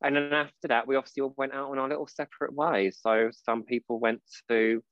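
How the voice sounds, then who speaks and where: A man from Portsmouth, chatting casually as a podcast co-host, telling lively stories and acting out voices. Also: medium pitch, a little fast, dry recording, dull audio. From Portsmouth, England. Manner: chatty storyteller, calls his partner babe, acts out voices in quotes. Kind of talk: casual chat.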